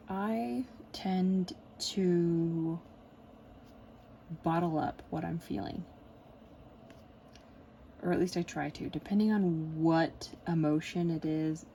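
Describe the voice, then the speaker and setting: A woman's voice: on the low side, a little mellow, a little hiss or hum, rough recording. A woman in a casual, rambling chat while she works on a diamond painting at home, with lots of fillers and small laughs. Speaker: crafting vlogger.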